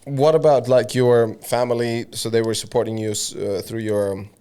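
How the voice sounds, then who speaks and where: A man's voice: medium pitch, little pitch movement, moderate pace, warm tone, clean tone. A man hosting a casual podcast interview, joking and laughing often, with slightly non-native phrasing. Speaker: podcast host. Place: Bali.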